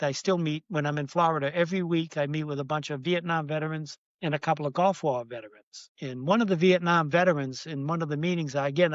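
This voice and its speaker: Older male guest, emotional rambling storyteller, voice a bit high, dry dull lo-fi sound. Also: no echo. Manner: earnest, heated, rambling with restarts. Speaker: guest, navy veteran.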